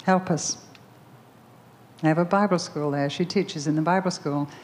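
A woman speaking at a Bible conference preaches a sermon, telling a story with emphatic repetition before leading a prayer. Her voice sits low and a little mellow, her pace slightly quick, with a faint hiss or hum in the audio.

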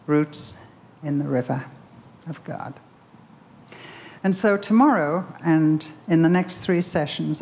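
A woman's voice: deep voice, measured pace, a little mellow. A woman preaching a sermon, telling a story with emphatic repetition before leading a prayer. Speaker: speaker at a Bible conference.

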